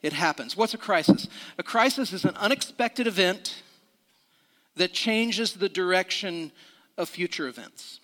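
A man's voice: high-pitched, lively intonation, unhurried, bright, forceful tone, long reverb tail. A middle-aged man preaching a sermon in a church, talking conversationally with restarts and questions to the room. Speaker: pastor. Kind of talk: sermon with a personal story.

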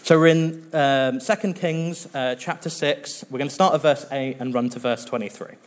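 A male pastor preaching a sermon in an earnest, conversational way, with now and then a filler pause. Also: mid-range voice.

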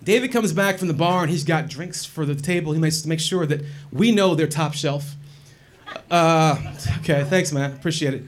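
A man telling a personal story in a wry, animated and profane way. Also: a little high, moderate pace. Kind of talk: personal story told to an audience.

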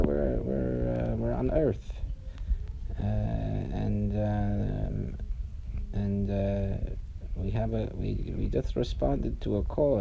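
A ship's pilot reports in, halting and padding every sentence with uhs and ums, as a man acts him out in a bedtime story. The voice is low and gravelly, a touch raised from a plain telling. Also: mellow, highs cut off, slight background noise, full character voice. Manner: halting, full of fillers. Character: eager male pilot of a future spaceship.

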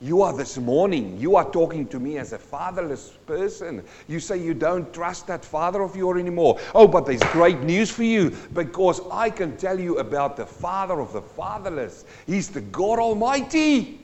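Pastor guy preaching, kinda high voice, goes quiet then loud, big echoey church hall. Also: lively intonation, moderate pace, few pauses, highs cut off. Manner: preachy, swings from hushed to loud emphasis. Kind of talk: sermon.

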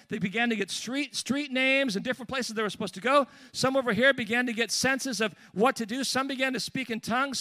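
A man preaching and telling a lively personal story, with restarts and asides along the way. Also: extremely high pitch, no room sound. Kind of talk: storytelling sermon.

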